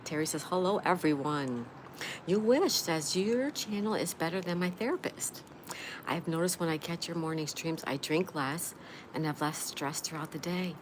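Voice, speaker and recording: A woman's voice: deep voice, moderate pace. A woman hosting a casual live stream, reading viewer comments aloud, greeting each person by name and answering with gushing exclamations. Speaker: livestream host. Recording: noisy background ambience.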